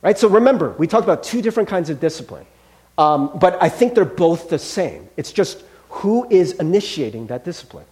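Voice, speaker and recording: Animated pastor with a lively high voice. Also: male voice, fairly quick. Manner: animated, acts out little scenes; asks the listeners questions often. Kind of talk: sermon.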